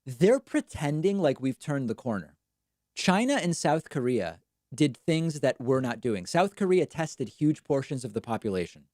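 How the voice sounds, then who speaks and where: A man's voice: medium pitch, very animated, normal speed, a little mellow, no room sound, clean studio sound. A man hosting a live political commentary stream, talking back at clips with sarcasm. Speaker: show host.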